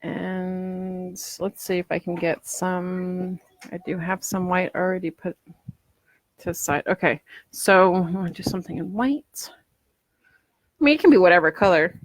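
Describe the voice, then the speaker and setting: A woman's voice: on the low side, unhurried, dry recording. A woman crafter chatting casually through a live demo at home, rambling and acting out what customers might say. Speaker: polymer clay crafter selling ornaments.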